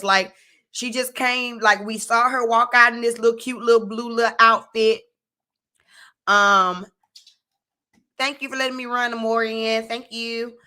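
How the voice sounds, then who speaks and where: A young woman recaps a reality TV episode in a chatty, opinionated way, speaking directly to her viewers. Her voice is slightly high, pushed, and bright, and she keeps dropping "like" and "you know what I'm saying."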